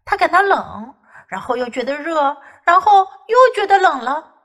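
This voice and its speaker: A woman English teacher reading a bedtime story aloud, slow and expressive. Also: sits high.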